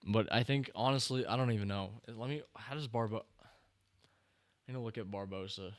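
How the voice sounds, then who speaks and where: A man hosting a live stream, chatting casually and reacting excitedly to the screen and his chat. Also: on the low side, brisk, no room sound. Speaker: streamer host.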